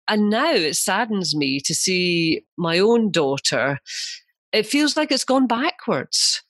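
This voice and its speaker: A Scottish woman in her fifties, a broadcaster chatting candidly as a podcast guest and telling lively stories. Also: on the low side, a little slow, no room sound. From Scotland. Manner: candid, animated storyteller. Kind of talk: casual interview chat.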